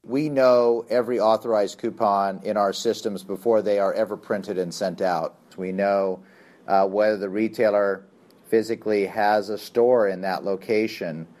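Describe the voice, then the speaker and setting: Low-voiced man executive, assured. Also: steady tone, moderate pace, darkish tone. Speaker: company chief executive. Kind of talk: interview answers.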